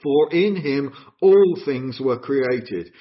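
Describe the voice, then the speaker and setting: A man preaching a sermon in an earnest, expressive way, asking his listeners questions. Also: medium pitch, slow pace. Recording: dull lo-fi recording.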